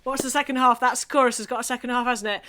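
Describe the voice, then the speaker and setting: A Scottish woman leading an online singing group through vocal and face warm-ups, cheerful and chatty, laughing at herself. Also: fairly high pitch, fairly even intonation, quick pace, a little hiss or hum.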